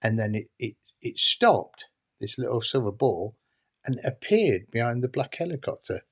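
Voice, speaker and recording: A man's voice: medium pitch, lively intonation, moderate pace, husky. A man telling a story casually, in a hesitant, rambling way with frequent restarts. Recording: dull lo-fi recording.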